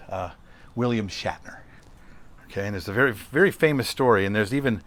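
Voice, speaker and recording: A man's voice: on the low side, a bit bright. A middle-aged man hosting a solo podcast, talking conversationally and telling a story with rhetorical questions. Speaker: podcast host.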